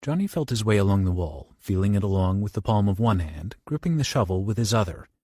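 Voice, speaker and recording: A man narrating a horror audiobook with a low, slightly husky voice. His delivery swings widely in pitch as the tension builds, recorded dry and close. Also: brisk, no echo. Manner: dramatic, with lively shifts into character voices.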